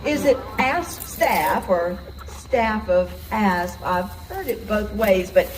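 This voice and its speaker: A woman's voice: mid-range voice, animated, takes it slowly, slight background noise, low-quality recording. A woman playing a weary female palace onlooker in a live stage show, giving dry, sarcastic commentary. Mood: wry.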